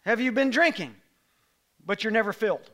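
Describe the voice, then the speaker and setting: A middle-aged male pastor with a high, bright voice, preaching a sermon in a church sanctuary. His delivery swings from quiet, intimate asides to impassioned, near-shouted appeals to the congregation. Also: expressive, moderate pace.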